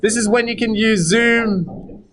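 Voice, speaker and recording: A man teaching a high school maths class in a classroom, sometimes sternly scolding the students at length. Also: fairly even intonation, takes it slowly, crowd noise, poor audio. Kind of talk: classroom lesson with calculator demo.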